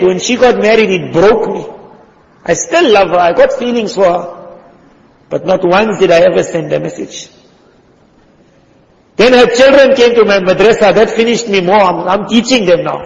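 A man's voice: high voice, vocal fry. A male preacher giving an impassioned sermon in a mosque. He acts out the people he quotes and sometimes drops almost to a whisper. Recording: dull lo-fi sound in a reverberant hall.

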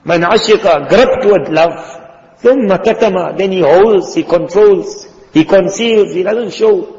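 A man's voice: high-pitched, unhurried, darkish tone. A male preacher giving an impassioned sermon in a mosque. He acts out the people he quotes and sometimes drops almost to a whisper. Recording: dull lo-fi sound in a reverberant hall.

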